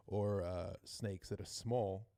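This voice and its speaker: A man's voice: fairly low pitch, fairly even intonation, slow, gravelly, warm tone. A man in a casual chat with friends, laid-back and throwing out would-you-rather questions.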